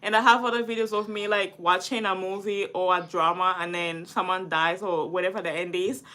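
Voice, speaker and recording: A woman's voice: on the low side, steady tone, a little fast, sharp tone. A woman in her early twenties telling a personal story in a vlog, rambling and full of "like". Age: 20s. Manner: rambling, heavy use of "like", restarts.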